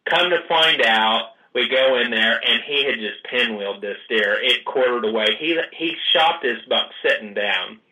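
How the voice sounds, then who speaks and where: A man, casually telling a hunting story with lively acted-out dialogue. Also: mid-range voice, moderate pace, hardly any pauses, low-quality recording. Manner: animated storyteller, acts out quoted dialogue.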